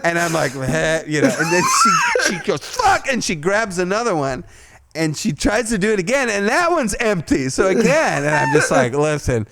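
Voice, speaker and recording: Animated, swearing male podcast host. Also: moderate pace, creaky, noisy background. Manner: animated, profane, jumps to a loud high voice when quoting himself. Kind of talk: casual storytelling chat.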